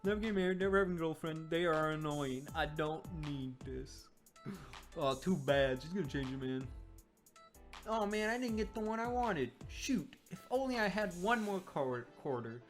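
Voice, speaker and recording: A woman giving excitable, rambling reaction commentary while reviewing a comic, often restarting her sentences. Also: sits low, moderate pace, faint music behind.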